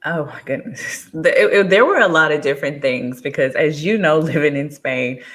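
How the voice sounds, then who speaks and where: Woman, lowish voice, relaxed guest chat with frequent laughs. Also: normal speed. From Texas, USA. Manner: chatty, laughs often, animated when quoting others. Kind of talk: casual conversational interview.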